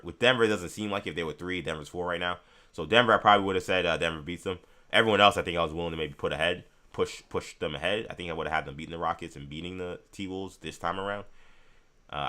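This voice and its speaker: Deep-voiced, forceful sports talk host. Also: male voice. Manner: animated, ranting. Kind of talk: live sports talk, reading chat.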